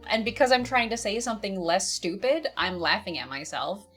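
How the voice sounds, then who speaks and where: A woman's voice: mid-range voice, animated, a little fast, fairly bright tone, slightly rough, faint music behind. Woman telling a story, laughing a lot. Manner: laughs often at herself, rambling. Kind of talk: casual storytelling chat.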